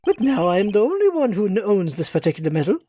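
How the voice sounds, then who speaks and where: A woman's voice: medium pitch, big pitch swings, fast talker, mellow, slight background noise, natural voice. A woman voicing an arrogant elderly male ambassador and former soldier, smug and condescending as she reads game dialogue aloud.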